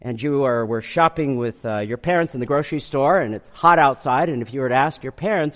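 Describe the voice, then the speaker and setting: A man preaching a sermon, slowing to stress scripture and speeding up to explain it. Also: medium pitch, in a large hall. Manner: swings from slow emphatic reading of scripture to quick explaining. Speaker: pastor.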